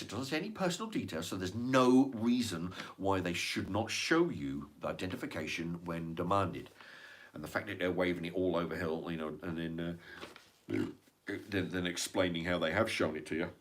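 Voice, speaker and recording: A man's voice: lowish voice, fairly bright tone. A man talking in a casual, rambling monologue, blunt and sweary, often repeating words and restarting his sentences. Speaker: vlogger.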